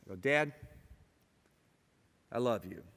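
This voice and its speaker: A middle-aged man from Ohio telling a personal story to an audience, wry, moving between quiet reflection and lively, amused telling. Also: mid-range voice, slow pace. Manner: wry, swings from hushed to lively. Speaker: speaker. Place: university hall. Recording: hall with long reverb.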